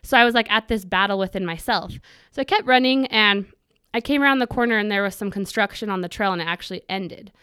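A woman's voice: medium pitch, fast, sharp tone, clear, resonant tone, no room sound. A woman guest on an interview podcast telling a personal story in detail. She acts out her own past thoughts and mixes earnestness with touches of humor.

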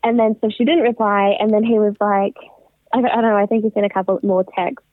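A woman's voice: mid-range voice, little pitch movement, brisk, no echo. A young woman telling a personal story in a casual interview, chatty, laughing often and quoting others as she goes. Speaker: interview guest. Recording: tinny phone-line audio.

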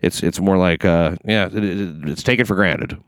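A man's voice: deep voice, moderate pace, smooth, no room sound, studio quality. A man hosting a casual comedic news chat, riffing with sardonic, profane asides. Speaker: podcast host reading news.

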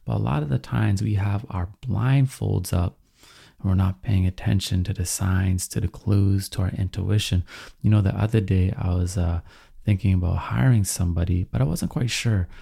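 A young man telling a story in a casual, animated vlog, full of slang and acted-out dialogue. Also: deep voice, moderate pace, creaky, husky.

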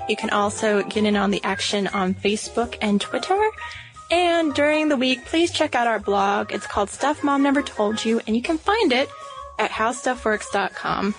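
Friendly woman cohost, gravelly voice, kinda high, chatty podcast talk. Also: lively intonation, normal speed, faint music behind. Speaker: podcast co-host. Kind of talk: casual podcast chat.

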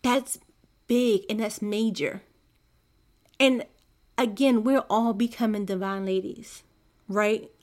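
A woman's voice: medium pitch, fairly even intonation, slow pace, pauses often. A mother hosting a faith podcast, speaking in an earnest, confiding monologue to her listeners. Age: young adult to middle-aged, a mother. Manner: earnest, confiding, soft-spoken. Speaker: podcast host.

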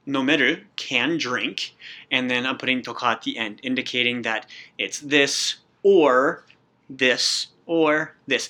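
A man hosting a Japanese lesson podcast, explaining grammar step by step with lively energy. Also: mid-range voice. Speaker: podcast host and Japanese teacher. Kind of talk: upbeat language lesson podcast.

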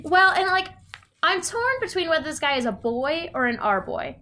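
A woman's voice: high voice, animated, moderate pace, bright, forceful tone. A woman co-hosting a casual podcast, retelling a novel's plot and acting out the characters' lines with plenty of laughter. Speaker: podcast co-host. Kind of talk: casual book chat.

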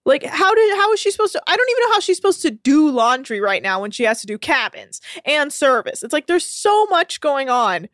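A woman's voice: high-pitched, sing-song, brisk, few pauses, fairly bright tone, no echo, clean studio sound. A woman podcast host recapping a reality show in casual, profane, laughing chat.

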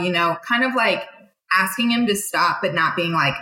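A woman's voice: mid-range voice, a little fast, bright, forceful tone. Frank young woman in an echoey room. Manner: frank, conversational, many fillers. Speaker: military veteran telling her story. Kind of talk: candid personal storytelling.

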